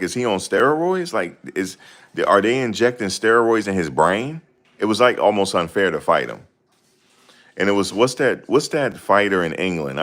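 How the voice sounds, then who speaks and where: A man's voice: low-pitched, a bit bright. A man in casual chat, talking in a slangy, rambling way and often searching for names. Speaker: host.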